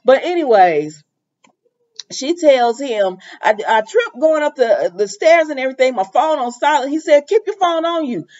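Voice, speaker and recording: A woman's voice: high-pitched, sing-song, unhurried, darkish tone. A woman casually recapping a soap opera for viewers, chatty and laughing often, acting out the characters' lines. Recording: dull lo-fi audio.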